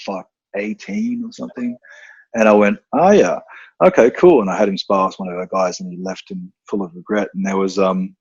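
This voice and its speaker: A man talking as a podcast guest, blunt and profane, telling animated stories in casual conversation. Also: low-pitched, husky, no echo, muffled recording. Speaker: podcast guest, combat instructor.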